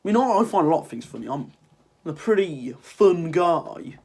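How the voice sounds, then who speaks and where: A man's voice: on the high side, big pitch swings, moderate pace, a little mellow. A teenage lad with a cold, sniffling through a rambling, sarcastic rant to his viewers. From Ireland. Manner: sarcastic, rambling, swears freely. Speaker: vlogger. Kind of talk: casual ranting vlog.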